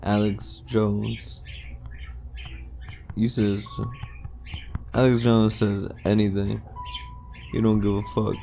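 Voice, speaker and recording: Slow and gravelly, his lowish voice barely moves in pitch and leaves long pauses, staying mellow over slight background noise. He's a man rambling through his solo podcast from home beside a window, swearing and laughing freely.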